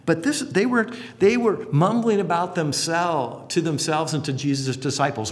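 A man's voice: a little high, normal speed, hardly any pauses. A man preaching a sermon as pastor, telling stories and acting out the voices in them. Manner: animated storytelling, acting out voices in quotes. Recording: long hall reverb.

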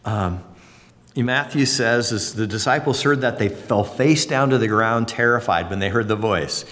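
A man preaching a sermon as a pastor, folksy and conversational, with sudden bursts of excitement. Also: on the low side, normal speed, long reverb tail. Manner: animated, folksy and conversational, leaps up for exclamations.

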